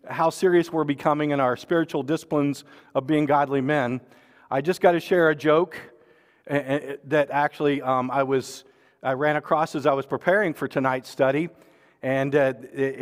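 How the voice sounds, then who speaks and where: Folksy preacher in a reverberant hall. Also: male voice, a little high. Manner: folksy, joking, many fillers and restarts. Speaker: pastor. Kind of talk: sermon with announcements.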